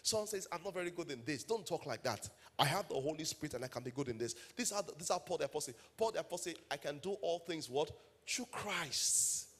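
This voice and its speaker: A man's voice: on the high side, lively intonation, fast talker, hardly any pauses, fairly bright tone. A man with a Nigerian English accent preaching a sermon as pastor, telling stories and building to emphatic calls to the congregation.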